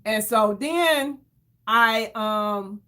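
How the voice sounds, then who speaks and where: A woman telling an emotional story to her viewers in a casual, animated way, calling them y'all and acting out what others said. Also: fairly high pitch, very slow. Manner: animated, addresses viewers as y'all, acts out quoted voices. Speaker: vlogger.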